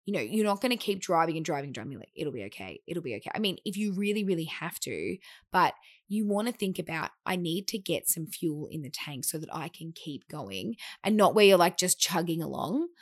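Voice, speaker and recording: Brief: a woman coach hosting a podcast, chatty and animated, voice sits a little low. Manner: chatty, animated, acts out quoted remarks. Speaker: fat-loss coach and podcast host. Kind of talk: casual podcast monologue.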